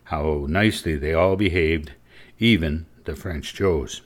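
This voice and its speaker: A man narrating a story audiobook in a steady, measured way. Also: a bass voice.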